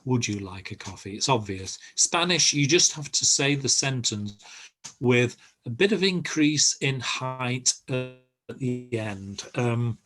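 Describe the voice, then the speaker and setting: An older man who teaches an online group language lesson over a video call and explains patiently, with many pauses. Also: mid-range voice, expressive, fairly bright tone.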